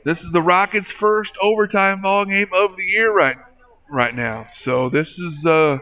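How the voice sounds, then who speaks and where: A man calling a local high school basketball game play by play, folksy and talking to listeners as folks, getting excited at big plays. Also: unhurried. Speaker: play-by-play announcer.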